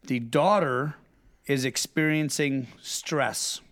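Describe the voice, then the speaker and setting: A middle-aged man talking bluntly in a casual chat, telling stories with swearing and quick impressions of other people. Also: medium pitch. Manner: blunt, profane storytelling with lively impressions.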